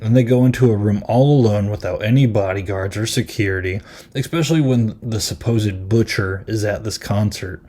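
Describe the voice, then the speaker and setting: A man's voice: on the low side, normal speed, dark tone. A man hosting a podcast and reviewing a film in casual chat, rambling and amused, with lots of ums and likes.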